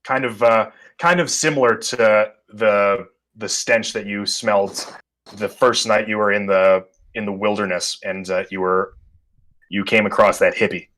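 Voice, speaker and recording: A man's voice: lowish voice, steady tone, measured pace, fairly bright tone. A man narrating a tabletop horror game as game master, describing scenes with many ums and uhs.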